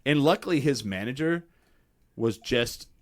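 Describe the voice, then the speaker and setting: Speaking unhurriedly in a mid-range voice, this podcast host tells stories in a casual chat. He swears a lot and animates his tales by acting out people's quotes.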